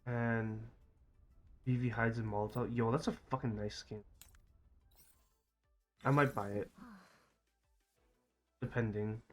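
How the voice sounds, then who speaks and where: Slow-talking swearing gaming streamer, man. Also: mid-range voice, fairly even intonation, soft background music. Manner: frustrated, swearing, muttering to himself. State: scratchy throat, clearing it. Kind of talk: live gaming stream commentary.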